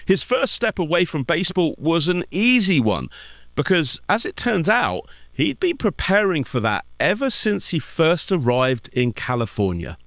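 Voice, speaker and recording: A man hosting a radio sports program, narrating a script and interviewing a guest in a measured, polished way. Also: a little high, very animated, a bit bright, dry recording. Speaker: radio host.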